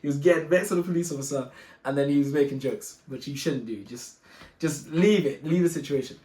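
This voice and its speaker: A young man telling a personal story in a casual, animated, slangy way, often exasperated and quick to laugh. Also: a little high, roomy sound.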